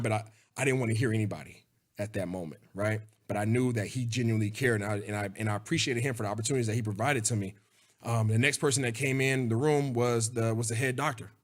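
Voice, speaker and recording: A man in his thirties, hosting his own show, telling a personal story in an earnest, repetitive way, often tagging his sentences with a questioning "right?". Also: medium pitch. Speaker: host.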